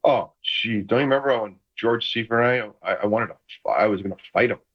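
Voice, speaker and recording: A man in his sixties, a retired football player calling in from a room at home, telling lively stories in casual chat. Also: lowish voice, brisk, slightly rough, highs cut off. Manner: animated, enthusiastic anecdotes. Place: home room full of memorabilia.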